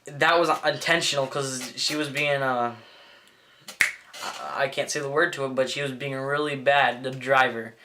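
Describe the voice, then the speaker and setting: A teenage boy vlogger telling a story in a rambling, excitable way, full of fillers and restarts. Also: medium pitch, moderate pace, background noise. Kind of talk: casual storytelling vlog.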